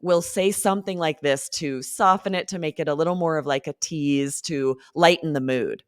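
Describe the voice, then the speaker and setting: A woman co-hosting an English-teaching podcast, explaining phrases in a playful, animated way and acting out example lines. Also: deep voice, moderate pace, dry recording, clean studio sound. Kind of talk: casual teaching chat.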